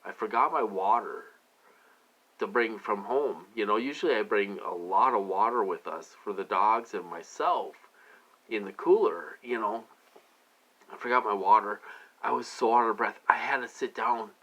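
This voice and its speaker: A vlogger with a fairly low, fairly bright voice talks loosely to his viewers at normal speed. His personal monologue rambles and repeats, and he fills the gaps with lots of "you know."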